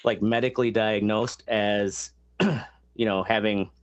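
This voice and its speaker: A man's voice: on the low side, fairly even intonation, slow, smooth, dull audio. A man hosting a casual podcast chat, explaining a topic at length with many fillers and crude asides. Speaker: podcast host.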